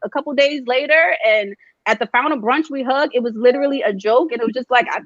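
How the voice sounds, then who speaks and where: Reality-show contestant, woman, lively storyteller who slips into quoted voices; close dry mic with a dull lo-fi tone. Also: high voice, fast, no echo. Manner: animated storyteller, acts out quotes of others. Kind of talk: casual interview chat.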